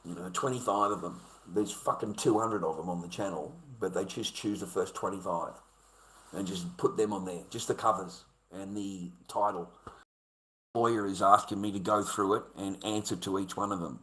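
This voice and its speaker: A man's voice: deep voice, normal speed, fairly bright tone. A middle-aged Australian man, a live streamer, angrily ranting in a combative, profane, repetitive way. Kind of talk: angry ranting monologue. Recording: echoey room.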